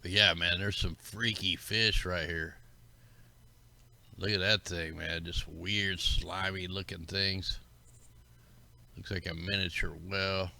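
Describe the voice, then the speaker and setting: A man with a very deep, gravelly voice that still carries a bright, forceful edge. He rambles through a casual livestream, musing suspiciously to his viewers. The sound is dry and close to the mic. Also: fairly even intonation, a little slow, dry recording. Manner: rambling, conspiratorial, talks to chat viewers. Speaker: livestream host. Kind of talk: casual commentary over maps.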